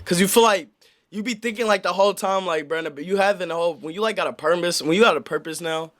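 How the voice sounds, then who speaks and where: A man's voice: high-pitched, quick pace, a bit bright. A young man streaming, telling a casual story in slang, rambling and talking to his chat. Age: young adult. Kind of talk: casual story time on a livestream.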